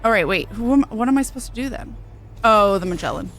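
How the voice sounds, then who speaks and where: Lively, rambling woman streamer. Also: a little high, fast, music in the background. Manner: rambling, self-correcting, laughs easily. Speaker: game streamer. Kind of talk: casual gameplay chat.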